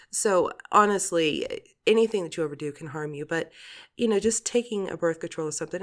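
A woman in her forties hosting a podcast, talking in a chatty, rambling monologue, laughing often and swearing casually. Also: low-pitched. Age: 40s. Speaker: podcast host.

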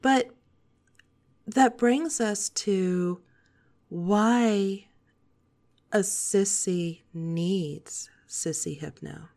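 A woman in her forties hosting a podcast, talking in a soft, calm, steady monologue. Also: fairly low pitch, vocal fry. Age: 40s. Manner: soft, calm, slow-paced delivery. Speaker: podcast host.

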